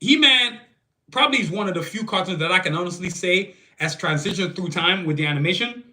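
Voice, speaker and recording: A man's voice: high-pitched, a little fast. A man hosting a solo podcast, talking casually with slang and heated, opinionated asides. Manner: animated, slangy, opinionated rants. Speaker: podcast host. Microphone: phone camera.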